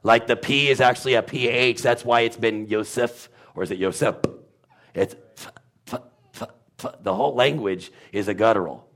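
Low-voiced man sounding out letters. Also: brisk, fairly bright tone. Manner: demonstrative, sounds out letters and syllables, rambling. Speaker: guest explaining Hebrew pronunciation. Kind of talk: casual teaching talk.

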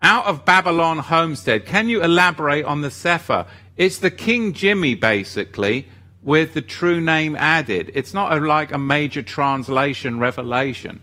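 A man's voice: a little high, lively intonation, moderate pace, sharp tone. A man hosting a ministry livestream, chatting casually and reading viewer comments aloud in an upbeat way.

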